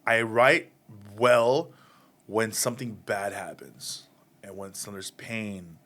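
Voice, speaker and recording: A man's voice: fairly low pitch, slow. A man in his thirties, a stand-up comedian, telling anecdotes in a casual interview and acting out the people in them. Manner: animated, acts out voices in anecdotes.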